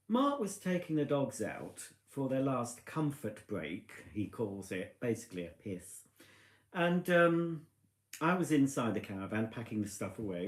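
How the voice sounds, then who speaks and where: In an echoey living room, a man who's had a few drinks chats loosely on a live stream, rambling along and mocking himself. His voice is mid-range with a darkish tone.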